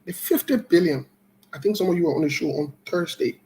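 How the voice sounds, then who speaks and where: A woman host delivering political commentary, deliberate and emphatic, speaking directly to her viewers. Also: fairly low pitch, mellow, low-quality recording. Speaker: show host.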